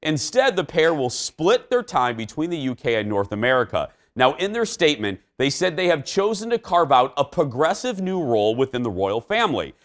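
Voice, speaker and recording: A man's voice: a little high, big pitch swings, normal speed, hardly any pauses. A middle-aged man hosting a talk show, giving his opinions in a fired-up, emphatic way.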